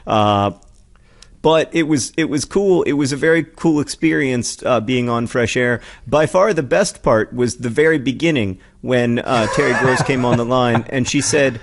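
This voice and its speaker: Speaking at a measured pace in a mid-range voice, a podcast co-host in his forties rambles through a casual, comedic conversation. He's self-deprecating and peppers his talk with ums and false starts, recorded on a studio mic with headphones.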